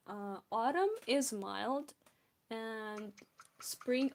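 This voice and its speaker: A woman's voice: on the high side, slow, pauses often, a little mellow. A young woman from Belarus with a Belarusian accent, chatting casually and giggling with viewers while drawing on a stream. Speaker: art streamer.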